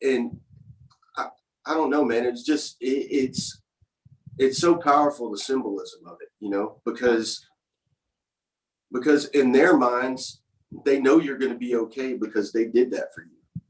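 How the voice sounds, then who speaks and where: A man's voice: medium pitch, measured pace, pauses often, low-quality recording. A man hosting a conversational show, speaking reflectively and searching for his words as he talks. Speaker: host. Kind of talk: casual conversation.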